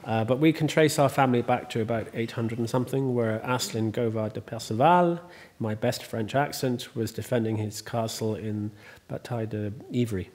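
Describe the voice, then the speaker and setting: A man talks casually in an interview at an ordinary, middle pitch. He rambles warmly from one point to the next, full of ums and self-corrections. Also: fairly even intonation, moderate pace, hardly any pauses. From Ireland. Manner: rambling, chatty, many ums and restarts. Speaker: host and estate owner.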